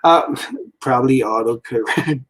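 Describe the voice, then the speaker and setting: A man's voice: medium pitch, unhurried, fairly bright tone, rough recording. A man in his forties giving a casual, meandering rant from a room at home, full of fillers and frequent chuckles. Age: 40s. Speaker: toy and cartoon reviewer.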